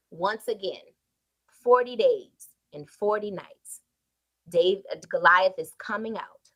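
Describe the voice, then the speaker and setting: Slow, emphatic woman preacher. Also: mid-range voice, animated. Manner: emphatic storytelling, sudden swings in loudness. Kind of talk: sermon.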